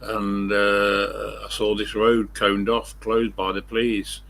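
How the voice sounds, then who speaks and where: A man's voice: lowish voice, monotone, slow, vocal fry, fairly bright tone. An older man hosting a live stream, chatting in a rambling, blunt way, swearing freely and correcting himself as he goes.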